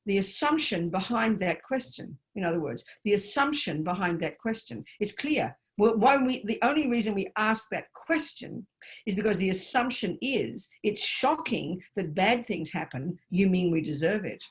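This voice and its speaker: A woman's voice: medium pitch, animated, moderate pace. An older woman, a Buddhist nun, giving an emphatic dharma talk full of rhetorical questions. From Australia.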